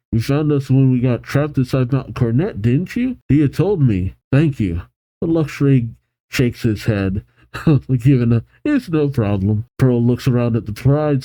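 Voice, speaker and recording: A man hosting a manga reaction, reading the panels aloud and commenting with animated excitement. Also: mid-range voice, measured pace, dry recording, rough recording. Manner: animated, reads character lines with excitement, laughs often.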